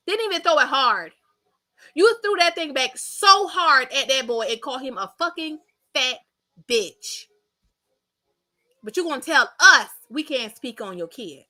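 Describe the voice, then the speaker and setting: A woman talking in a high, bright voice. She runs a reaction commentary and sounds blunt, mocking and sassy. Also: big pitch swings, measured pace, long pauses. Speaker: commentary channel host.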